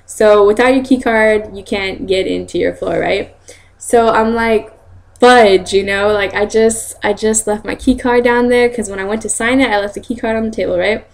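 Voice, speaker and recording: A young woman telling stories in a casual vlog, chatty and quick to laugh, acting out other people's lines in a higher voice. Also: steady tone, vocal fry. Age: young adult. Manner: chatty, laughs often, acts out quotes in high voices. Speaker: vlogger.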